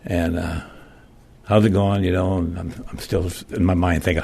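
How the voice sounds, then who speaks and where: A man's voice: sits low, flat delivery, moderate pace, gravelly, darkish tone, slight background noise. An older man giving a plain-spoken, emotional personal testimony in church, with folksy phrasing.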